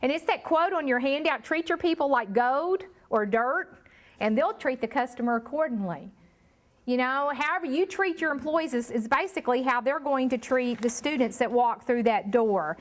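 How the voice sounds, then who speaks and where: Lively high-voiced woman trainer. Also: normal speed. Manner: lively, emphatic, addresses the room as y'all. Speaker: workshop trainer. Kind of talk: live training workshop talk.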